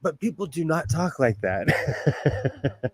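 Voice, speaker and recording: A chatty American man with a high-pitched voice hosts a sewing live stream from home. He talks slowly and playfully, laughing often. The sound is close and dry, with no room echo. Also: expressive. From United States. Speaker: sewing livestream host. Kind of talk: casual live-stream chat.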